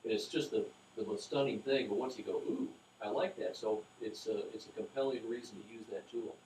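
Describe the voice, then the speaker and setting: A soft-spoken man guest chatting casually, with halting phrasing. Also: on the low side, a little hiss or hum. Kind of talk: casual chat. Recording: echoey room, mic far off.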